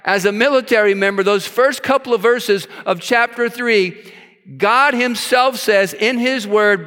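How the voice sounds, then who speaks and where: Guy preaching in a big hall, high clear voice, lots of reverb, leans hard on key words. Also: a little slow, pushed and bright. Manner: emphatic, reads scripture aloud with asides. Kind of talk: sermon.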